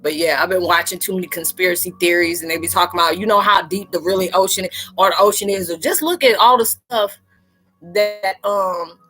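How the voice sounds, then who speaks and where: A woman's voice: lowish voice, brisk, a bit bright, faint music behind. A woman hosting a live chat, joking around playfully and talking straight to her viewers in slangy, casual speech.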